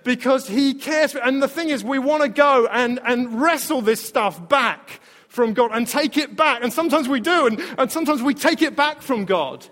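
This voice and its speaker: A man preaching a sermon, telling personal stories in an animated way and laughing often. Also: very high voice, normal speed, few pauses, big-room sound. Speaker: pastor.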